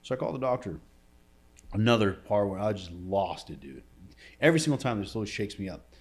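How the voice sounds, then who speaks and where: A man telling an emotional story in a podcast interview, casual and slangy, often dropping to a quiet voice. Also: fairly low pitch, lively intonation, fairly quick, breathy edge. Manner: casual slangy talk, says bro and dude. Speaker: entrepreneur guest.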